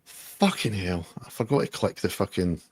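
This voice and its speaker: A man's voice: sits low, animated, normal speed, slightly rough, no room sound. A man hosting a podcast, chatting casually and swearing freely. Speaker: podcast host. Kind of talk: casual banter.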